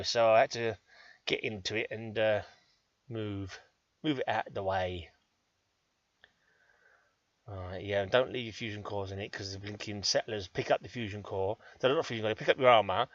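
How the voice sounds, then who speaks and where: A chatty English man with a bright, forceful voice gives rambling commentary on his own gameplay, cheeky and self-deprecating. The sound is close and dry, a little dull and lo-fi. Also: mid-range voice, dry recording. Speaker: gaming channel host.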